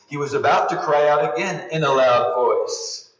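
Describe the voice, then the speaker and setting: A man preaching a sermon as pastor, earnest, rising for emphasis and dropping to hushed low passages. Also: moderate pace. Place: church sanctuary. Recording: roomy, distant, dull sound.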